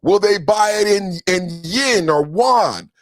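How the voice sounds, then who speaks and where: A man's voice: sits high, expressive, takes it slowly, no echo. A man hosting a podcast, delivering an emphatic political commentary rant with taunting, sing-song jabs. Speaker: podcast host.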